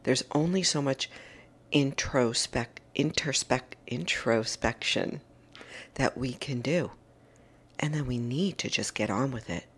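A woman's voice: rumbling low, takes it slowly, husky. Middle-aged lady doing her morning message, chatty and gushing, casual pep talk. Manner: chatty and enthusiastic, gushing over favourite things. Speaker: host of a daily morning message.

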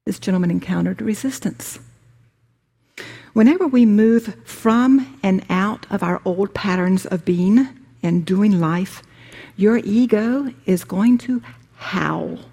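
A woman teaching a spiritual workshop, speaking deliberately with emphatic repetition. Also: medium pitch, gravelly, dark tone, slightly rough.

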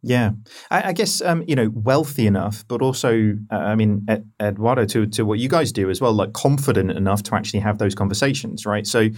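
Podcast host, man, lowish voice, chatty and quick with jokey asides. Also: a little mellow. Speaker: host, interviewer. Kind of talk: casual podcast chat.

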